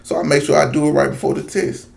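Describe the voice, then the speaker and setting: A man's voice: a little high, steady tone, fast talker, gravelly. A man telling a long casual story straight to his viewers, rambling with many asides. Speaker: video commentator.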